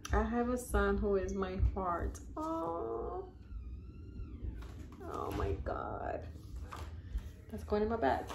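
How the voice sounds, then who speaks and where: An older woman talks slowly and unhurriedly as she opens gifts on camera. Her voice has a gravelly fry to it, and she gushes and exclaims over each item. A steady hiss of background noise runs under the recording. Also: mid-range voice. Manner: gushing, exclaims and reads labels aloud. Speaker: vlogger opening mail. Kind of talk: casual unboxing chat.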